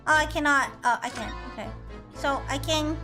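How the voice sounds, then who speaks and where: Excitable woman game streamer, very high voice, tripping over words. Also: moderate pace. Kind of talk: game stream, reading dialogue aloud. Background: game music.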